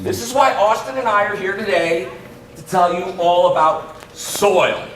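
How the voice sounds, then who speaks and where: In a big indoor hall full of young kids, a man with a high, unhurried voice presents a gardening routine as an extension educator, joking with them and running call-and-response. The distant, echoey recording carries loud children in the crowd and a slight hiss or hum.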